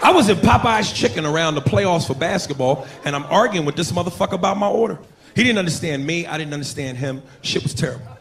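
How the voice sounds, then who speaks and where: Loud, profane male stand-up comic. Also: on the high side, fast, creaky. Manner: loud, profane, animated storytelling. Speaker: stand-up comedian. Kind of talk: stand-up comedy set. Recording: live club recording, crowd and noise.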